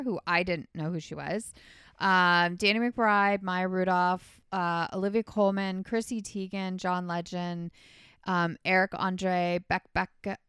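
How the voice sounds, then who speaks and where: A woman's voice: medium pitch, a bit bright, clean tone, dry recording, studio quality. A woman hosting a podcast, casually retelling a movie's plot in a rambling way, full of "like" and "um". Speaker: podcast host. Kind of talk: casual movie recap chat.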